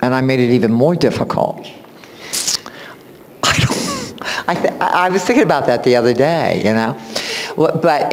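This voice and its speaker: A man, a music teacher, giving a spoken introduction at a recital in animated storytelling fashion, acting out what people said and laughing often. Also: medium pitch, slight background noise. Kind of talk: spoken tribute speech at a recital. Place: recital hall. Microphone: far camera. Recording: long hall reverb from a camera.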